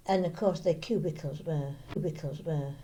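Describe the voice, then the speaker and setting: Deep, mellow older woman recalling dances. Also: normal speed, slight background noise. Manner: short, plain answers. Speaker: interviewee. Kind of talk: oral history interview.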